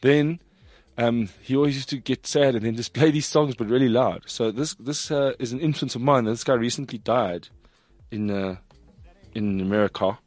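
A man's voice: medium pitch, normal speed, darkish tone, no echo. A man hosting a radio talk show, telling stories and joking with his co-hosts. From South Africa. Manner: joking, storytelling, plays music for the crew. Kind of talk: casual studio banter.

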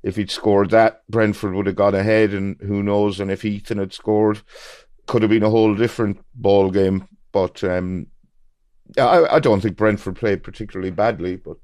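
A man gives measured, matter-of-fact verdicts on football matches. His voice sits fairly low. The sound is dry and close. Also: steady tone, a little mellow, no room sound. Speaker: football pundit. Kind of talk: casual football chat.

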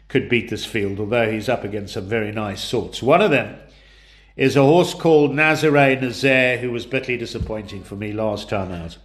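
Congested racing tipster. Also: male voice, mid-range voice. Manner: businesslike, rattling off numbers and odds. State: congested with flu. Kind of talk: racing tips preview.

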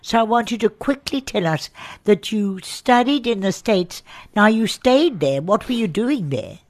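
A woman's voice: fairly high pitch, lively intonation, a little slow, a little mellow. A woman hosting a radio interview, prompting her guest with short replies. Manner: brief encouraging backchannels. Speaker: radio host.

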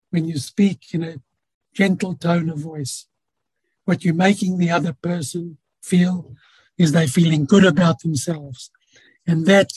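A man speaking as a guest in an interview, giving earnest, gentle advice about relationships with homely examples. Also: a little high, breathy edge, no room sound, rough recording. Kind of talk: reflective conversational advice.

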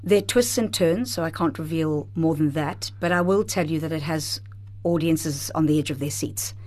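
Female theatre director guest, slightly low voice, warmly enthusiastic and animated delivery, studio microphone. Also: moderate pace. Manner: enthusiastic, expressive, laughs often. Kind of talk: radio interview guest. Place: radio studio.

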